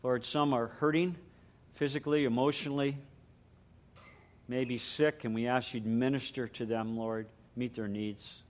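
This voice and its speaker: A middle-aged man, a pastor, preaching a sermon and praying in an earnest, measured way. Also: mid-range voice, steady tone. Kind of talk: sermon with prayer.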